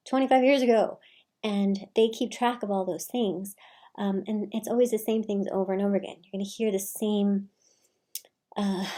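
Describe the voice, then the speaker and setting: A woman giving casual advice in a soft, often half-whispered delivery. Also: mid-range voice, vocal fry, husky. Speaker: advice vlogger.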